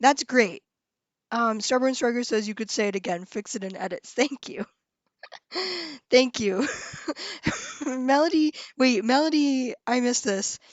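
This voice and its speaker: A woman's voice: fairly high pitch, a little slow, no room sound. Bubbly young woman chatting on a stream. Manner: bubbly and excitable, often trailing off, restarting and laughing. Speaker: live streamer. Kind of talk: casual live-stream chat with viewers. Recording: dull lo-fi sound, dry room.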